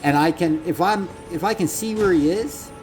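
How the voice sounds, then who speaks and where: A man's voice: high voice, moderate pace, poor audio. A man casually commentating on his own gameplay, swearing freely and voicing his inner thoughts as he goes. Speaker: gaming commentator. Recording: loud game music behind the voice. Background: loud game music.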